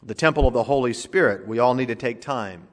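A man's voice: mid-range voice, a little fast. A male pastor preaching a sermon in a conversational, joking way, in a church sanctuary. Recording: long reverb of a large hall.

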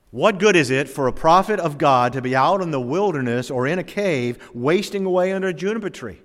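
Man preaching in a reverberant church. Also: mid-range voice. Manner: preaching, swinging between loud emphasis and quiet drops. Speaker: pastor. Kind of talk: sermon. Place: church sanctuary. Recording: long church hall reverb.

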